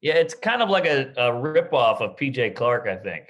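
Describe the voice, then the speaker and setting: A man's voice: medium pitch, big pitch swings, moderate pace, a bit bright. A man co-hosting a casual drinking podcast, wry and laid-back, tossing in jokes. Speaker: podcast co-host.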